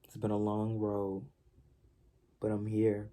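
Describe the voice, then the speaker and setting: A man's voice: lowish voice, completely flat delivery, slow, long pauses, warm tone. A young man telling his own life story in an earnest, personal monologue, often repeating phrases and restarting his sentences.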